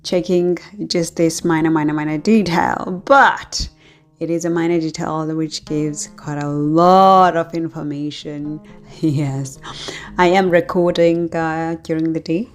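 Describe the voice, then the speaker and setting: A woman astrologer chats to her viewers in an unhurried, drawn-out way, often laughing between thoughts. Her voice sits a little low, and faint music plays behind her. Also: fairly even intonation. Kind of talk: casual talk to camera.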